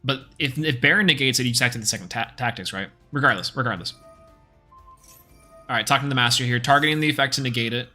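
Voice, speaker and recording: Male streamer, bright tone, loose running commentary. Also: medium pitch, fast, faint music behind. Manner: casual, chatty play-by-play, thinking aloud. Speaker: game streamer. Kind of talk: live gameplay commentary.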